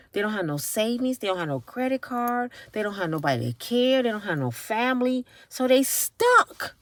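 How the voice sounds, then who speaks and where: A woman's voice: a little high, dry recording. A middle-aged woman talking straight to her viewers in a casual vlog, emphatic and tired, from a parked car. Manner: emphatic, talks directly to viewers. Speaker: vlogger.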